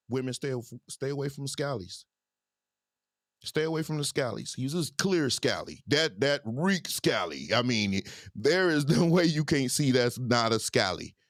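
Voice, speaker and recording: A man's voice: fairly high pitch, no echo, clean studio sound. A man hosting a reaction commentary, giving preachy advice and speaking straight to his listeners. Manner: animated, preachy, addressing listeners directly. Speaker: commentary host.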